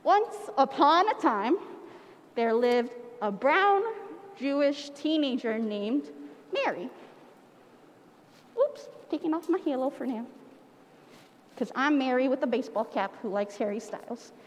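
Animated high-voiced woman leading a church pageant. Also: a little slow, pauses often, long reverb tail, slight background noise. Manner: animated, playful, coaxing the audience to join in. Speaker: children's pageant leader at church. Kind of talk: interactive storytelling for children. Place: church sanctuary.

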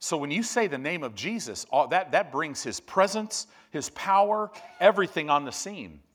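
A man preaching a sermon. He tells stories with lively, loud bursts and then drops to low, quiet emphasis. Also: normal speed.

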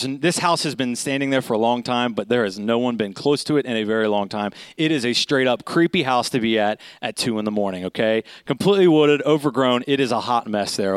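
A man in his thirties delivers a sermon as a lively, conversational story, leaning on "okay?" and "right?" to keep the listener with him. His voice sits at a middle pitch. The sound is dry, with no room echo. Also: moderate pace, clear, resonant tone. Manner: animated, conversational, keeps asking "okay?".

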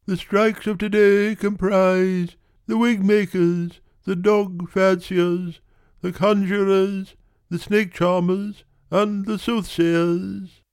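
A man voicing an aged, pious male secretary in a story reading, speaking in a slow, ceremonious, intoning way. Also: high-pitched, flat delivery, a little mellow, clear, resonant tone, dry recording, clean studio sound, pitched above the performer's own voice. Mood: solemn. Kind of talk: audiobook character voice.

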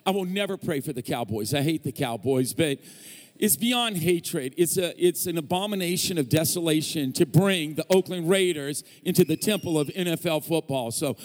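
A guest preacher, a man, speaks from the front of a church, trading playful jokes and banter with his congregation. His voice sits a little high for a man. Long reverb from the sanctuary hangs after each phrase. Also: expressive, moderate pace. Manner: joking, teasing banter with the congregation. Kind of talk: sermon.

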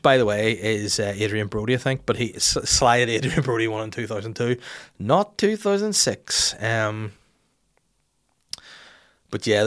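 A man's voice: fairly low pitch, a bit bright. Sweary man ranting in comic monologue. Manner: irreverent, sweary, laughs at his own jokes. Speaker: host.

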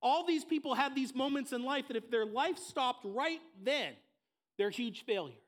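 Male pastor, high tenor voice, emphatic repetition. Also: expressive, moderate pace. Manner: building to impassioned, emphatic repetition. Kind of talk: sermon. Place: church service.

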